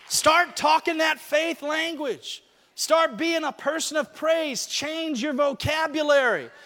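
A pastor from Alabama preaching a sermon, calling out to the congregation and swinging between shouting and quiet asides. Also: male voice, very high voice, takes it slowly, some chatter behind. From Alabama, USA. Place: large church hall. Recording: long hall reverb.

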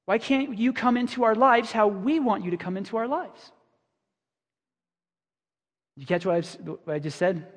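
Male pastor, middle-aged, very high-pitched, conversational self-deprecating sermon, long church reverb. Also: moderate pace, long pauses.

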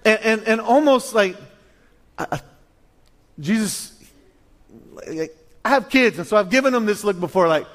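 A middle-aged male pastor preaching a sermon, animated and storytelling, acting out little voices with many restarts. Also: sits high, normal speed, long pauses.

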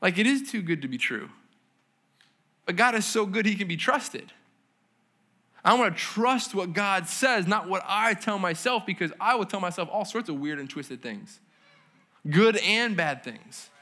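Pastor, male, high and bright voice, casual conversational sermon, slangy, checks in with the room. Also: lively intonation, unhurried. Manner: casual, conversational preaching with slang and audience questions. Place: church service.

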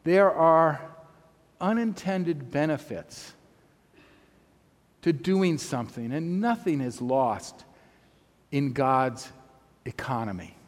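A man preaching, telling a story in a measured, unhurried way with long pauses between phrases. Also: a little high, lively intonation. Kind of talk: sermon storytelling. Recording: long reverb of a large hall.

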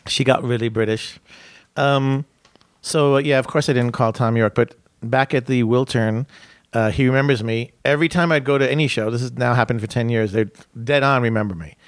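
A man's voice: mid-range voice, a little fast, dry recording. Guy comic rambling thru stories, cuts himself off a lot, dry close sound. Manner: rambling, self-interrupting, laughs while talking. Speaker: comedian guest. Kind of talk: casual storytelling chat.

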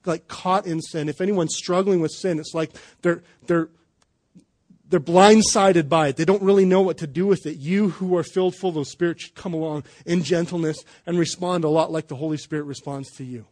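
Fairly high in pitch yet darkish in tone, this man's voice stays steady as he preaches at a fairly quick clip. The pastor keeps his church sermon casual and conversational, joking around and using fillers and restarts.

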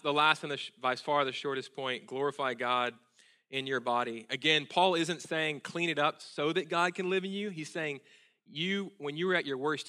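A man in his thirties preaching a sermon in a church, telling stories with earnest feeling and dropping to a hushed intensity. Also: mid-range voice. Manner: earnest, emotional storytelling, drops to hushed intensity. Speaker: pastor. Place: church sanctuary.

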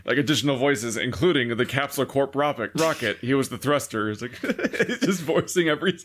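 A man's voice: mid-range voice, lively intonation, a bit bright. A man co-hosting a casual chat, teasing his partner and laughing often. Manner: teasing, quick jokes, frequent laughter.

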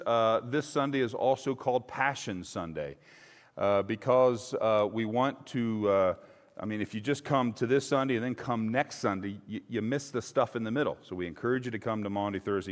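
A male pastor giving a conversational sermon and reading scripture. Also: mid-range voice. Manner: conversational, hesitant with fillers. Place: church sanctuary. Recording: long church reverb.

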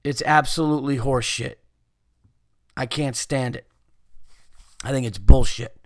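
A man's voice: medium pitch, steady tone, measured pace, no echo, clean studio sound. A man hosting a podcast, ranting in a casual, exasperated and profane way. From United States. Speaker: podcast host.

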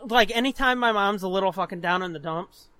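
A man co-hosting a podcast, telling crude stories in an animated way and laughing often. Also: high-pitched, a little fast, no echo. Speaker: podcast co-host. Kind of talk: casual chat, storytelling.

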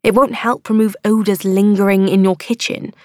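A woman's voice: mid-range voice, steady tone, moderate pace, darkish tone, no echo, lightly acted. A proud wife, curt and short with people, voiced by a female audiobook reader. Her lines come out clipped and tight, close and dry, with no room sound. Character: proud, irritated young wife.

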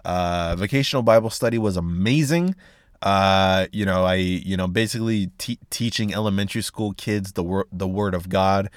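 Profane rambling young man, low voice. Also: moderate pace, clear, resonant tone, dry recording, studio quality. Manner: profane, rambling, animated, slangy. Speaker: podcast host. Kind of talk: rambling solo podcast talk.

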